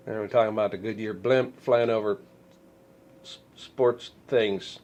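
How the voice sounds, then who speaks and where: A man recovering from a head cold, stuffed up and clearing his throat, giving sarcastic, rambling commentary on news stories. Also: fairly low pitch, lively intonation, normal speed, a little mellow. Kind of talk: casual deadpan news commentary.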